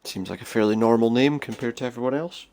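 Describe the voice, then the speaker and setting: A gaming streamer talks fast in a medium-pitched, darkish voice while casually commenting on a role-playing game. He's chatty in this let's-play, thinking aloud as he plays.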